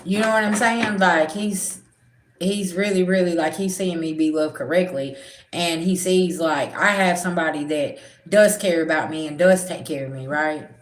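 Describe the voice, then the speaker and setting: A woman's voice: on the low side, normal speed, roomy sound. A middle-aged woman, a spiritual reader, talking bluntly and animatedly in a casual livestream chat, swearing freely.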